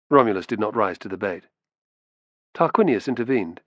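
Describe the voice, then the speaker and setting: A man reading an audiobook in steady, measured scripted narration. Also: lowish voice, dry recording.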